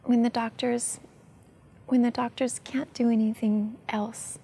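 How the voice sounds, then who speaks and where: A woman hosting an interview, calm and affirming. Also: a little high, a little slow, vocal fry, breathy edge. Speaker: host.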